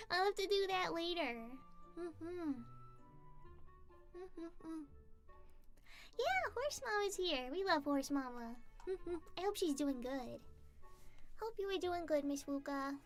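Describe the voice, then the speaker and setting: A woman's voice: extremely high pitch, lively intonation, takes it slowly, pauses often. A woman chatting casually with her livestream viewers, bubbly and giggly, reading out their messages. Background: faint background music.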